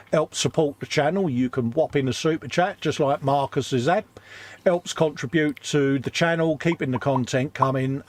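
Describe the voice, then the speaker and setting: A middle-aged British man co-hosting a casual live stream, greeting viewers and reading their messages in an easygoing, chatty way. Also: medium pitch. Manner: relaxed, chatty, reads viewer messages aloud with friendly greetings. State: a bit subdued after a hospital visit.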